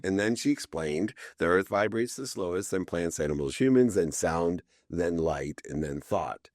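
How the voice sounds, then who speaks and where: Middle-aged guy on a podcast, low voice, acts out the quotes in his stories, dry close sound. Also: normal speed, no echo. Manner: lively storyteller who acts out quoted dialogue. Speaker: podcast guest, entrepreneur and speaker. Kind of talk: casual interview storytelling.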